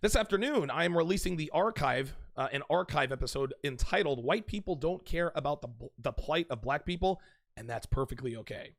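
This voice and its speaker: Speaking a little fast in a somewhat high voice, this man hosts his own show and lectures viewers straight to camera with advice. He's animated and forceful, repeating his points to hammer them in.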